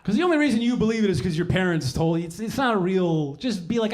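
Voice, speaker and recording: A man's voice: high voice, lively intonation, quick pace, a little mellow. A young man doing a profane, rambling stand-up set on a comedy club stage, self-mocking, into a handheld mic, with live audience laughter.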